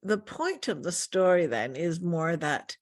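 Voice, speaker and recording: A woman's voice: on the low side, very animated, unhurried, dry recording, clean studio sound. An older woman hosting an interview, reflectively summing up what her guest said. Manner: reflective, sums up guest's points. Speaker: host. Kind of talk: interview conversation.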